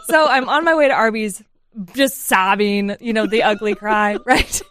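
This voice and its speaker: A woman in her thirties co-hosting a radio show, telling a self-deprecating story in an animated, laughing way. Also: mid-range voice, moderate pace, no room sound. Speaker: radio co-host. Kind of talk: casual chat.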